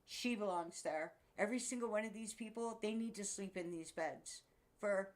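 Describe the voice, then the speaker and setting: In her sixties, this woman fires off an angry, casual home-video rant, cursing without restraint and breaking into laughter between bursts of anger. She talks a little fast in a mid-range voice.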